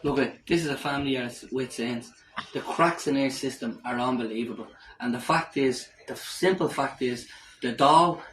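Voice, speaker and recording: A man with an Irish accent who is hosting a campaigning video and speaks indignantly. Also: mid-range voice. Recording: echoey room, faint noise.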